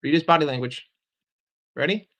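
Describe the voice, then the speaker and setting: A man's voice: a little high, moderate pace, a bit bright. An American man giving a heated, profane football reaction rant with lots of emphatic repetition. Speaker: football fan commentator.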